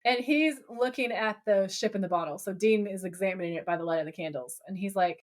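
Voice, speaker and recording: A woman co-hosting a podcast, casually recapping a TV episode and acting out the characters' lines with lively energy. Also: mid-range voice, a little fast. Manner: animated storyteller who acts out the characters' lines. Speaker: podcast co-host.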